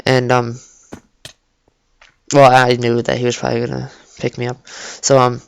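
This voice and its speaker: A teenage boy tells a story in a rambling, halting way, leaning on "like" and false starts. His voice is smooth and clear at a middle pitch. The sound is dry and close, recorded in his bedroom. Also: completely flat delivery, dry recording. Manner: rambling, full of "like" and restarts. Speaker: vlogger. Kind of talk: casual storytelling. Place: cold bedroom.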